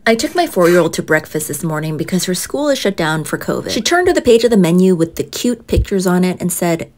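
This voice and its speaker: A woman in her thirties, a mother telling short family stories in a gentle, earnest voice-over. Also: lowish voice, big pitch swings, fast talker. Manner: gentle, earnest, reflective storytelling. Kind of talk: narrated storytelling voice-over. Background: faint background music.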